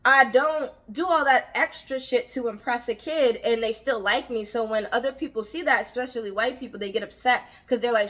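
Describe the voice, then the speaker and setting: A young woman casually telling a story from her job, animated and frank, acting out the voices of the people in it. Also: fairly high pitch, moderate pace, few pauses. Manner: frank, uses slang and swearing. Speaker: vlogger telling a work story.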